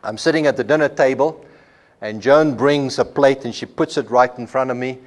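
A South African lecturer at a Bible college talks in a steady, mid-pitched, unhurried voice. Homely examples carry his explanations, and he frequently restarts phrases by repeating a word.

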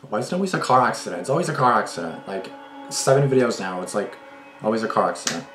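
Deep-voiced man doing a reaction video, indignant and rambling in his outbursts, cursing freely between comments. His voice sits very low and bounces around a roomy, echoey space. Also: expressive, quick pace, over music.

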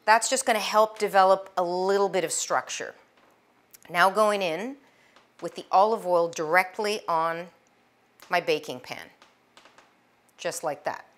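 A middle-aged woman with a loud, carrying voice and a fairly low pitch hosts a cooking show. She chats eagerly and warmly to the viewer as she works. Her voice is picked up clearly by a clip-on mic in a home kitchen. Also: a little slow, pauses often. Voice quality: loud, projecting voice. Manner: chatty and enthusiastic, talking to the viewer while working dough. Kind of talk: casual cooking demonstration.

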